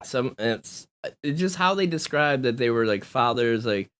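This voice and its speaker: Casual podcast host, man, animated pitch, laughs and swears a lot. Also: a little slow, smooth. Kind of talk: casual chat. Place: small home room.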